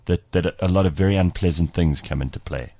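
Very deep-voiced man in a dry studio. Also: fairly quick, dark tone, dry recording. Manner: conversational, asks short questions. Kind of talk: casual radio chat.

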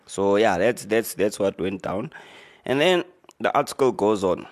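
A man hosting a radio show, reading out a news article with relaxed, rambling commentary and joking asides. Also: lowish voice, measured pace. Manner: laid-back, rambling, joking asides with fillers.

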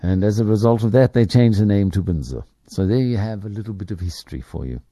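A man's voice: lowish voice, fast talker, dark tone, dry recording, clean studio sound. A man hosting a business show, giving opinionated commentary in a rambling way with many fillers and restarts. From Africa. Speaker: host.

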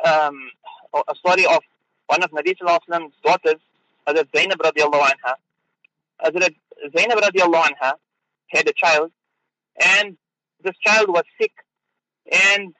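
A man, a mufti, giving an unscripted religious talk on the radio, halting with fillers and repeated words. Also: on the high side, bright, forceful tone, no room sound, rough recording.

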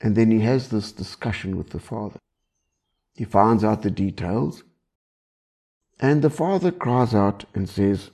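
A man's voice: on the low side, unhurried, long pauses, darkish tone, husky. A man preaching a sermon in a conversational way, often asking the listeners questions. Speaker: pastor.

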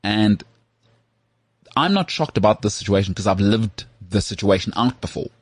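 Animated husky South African man. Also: fairly low pitch, moderate pace, no echo. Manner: animated, rhetorical, asks for agreement often. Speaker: podcast host. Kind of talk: casual podcast chat.

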